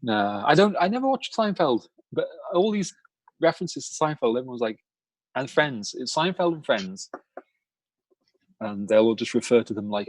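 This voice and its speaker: A man's voice: mid-range voice, very animated, moderate pace, pauses often, dry recording. A man co-hosting a casual podcast chat, rambling with lots of fillers and frequent laughter. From outside America, lived in Chicago. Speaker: podcast co-host.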